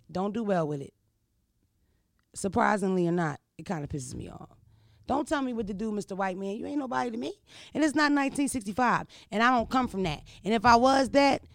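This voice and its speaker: A man telling a crude, animated comedic story, full of rhetorical asides to his listeners. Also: high-pitched, gravelly, no room sound, clean studio sound.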